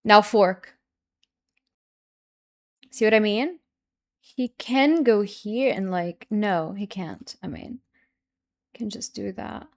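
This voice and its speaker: A woman's voice: medium pitch, slow pace, long pauses. A young woman streaming chess, thinking aloud anxiously, then reviewing the game in a chatty way. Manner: anxious, repeats herself when stressed; bursts into loud excited cries.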